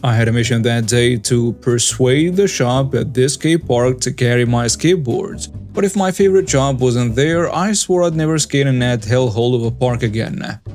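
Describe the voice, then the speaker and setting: A man narrating scripted stories for a story channel at a steady, even pace. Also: medium pitch, normal speed, few pauses. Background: faint background music.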